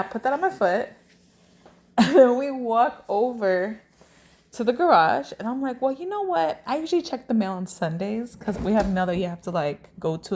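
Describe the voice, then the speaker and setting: A woman in her thirties chatting casually at home, telling a story with lively energy. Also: fairly high pitch. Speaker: vlogger. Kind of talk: casual chat. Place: home kitchen.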